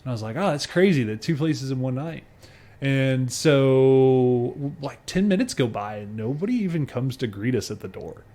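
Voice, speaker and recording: A man's voice: mid-range voice, animated, moderate pace, mellow. A man co-hosting a casual podcast who tells stories with energy, acts out the people he quotes and laughs often. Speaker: podcast co-host.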